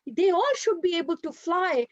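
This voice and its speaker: A woman voicing a young male seagull, an outcast who longs to fly, in a high, pleading voice, in a dry, dull lo-fi recording. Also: lively intonation, normal speed, dry recording. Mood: frustrated.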